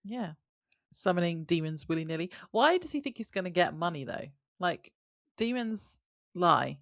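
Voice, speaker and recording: A woman's voice: on the low side, very animated, normal speed, vocal fry, no echo, clean studio sound. A woman co-hosting a podcast in casual chat, adding short reactions and reading out her notes. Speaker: podcast co-host. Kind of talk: casual chat recapping a TV episode.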